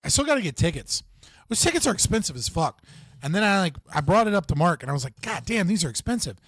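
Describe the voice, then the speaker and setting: Young male livestream host, slightly high voice, dead-dry close mic, rambling, sweary, laughs a lot. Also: very animated, fast talker, fairly bright tone, dry recording. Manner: rambling, profane, laughs often, restarts a lot. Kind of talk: casual livestream chat.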